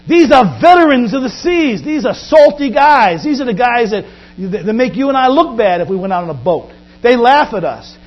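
A high-pitched man preaching a sermon in a church, his delivery rising and falling sharply in volume. The recording is dull and lo-fi, with a steady mains hum underneath. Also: normal speed. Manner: preaches with big swings in pitch and loudness.

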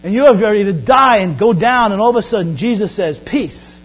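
A man preaching a sermon in a church, swinging widely between loud and quiet. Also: expressive, a little fast. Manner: preaches with big swings in pitch and loudness. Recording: dull lo-fi recording with mains hum.

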